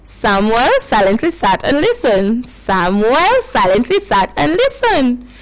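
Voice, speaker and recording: A woman's voice: on the high side, sing-song, low-quality recording. A woman hosting a call-in with children, leading them through tongue twisters in a playful, encouraging way. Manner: playful, encouraging, drawn-out coaching.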